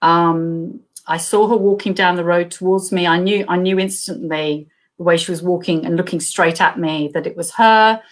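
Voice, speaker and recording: A woman from Australia who writes crime thrillers, telling an animated story on a video call, laughing often and acting out what people said. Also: on the low side, moderate pace. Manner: acts out quoted voices. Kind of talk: live video chat interview.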